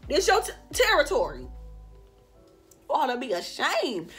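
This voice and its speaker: A young woman telling a story straight to her viewers, animated and full of profanity. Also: high-pitched, measured pace, long pauses, faint music behind. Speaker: vlogger. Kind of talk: storytime vlog.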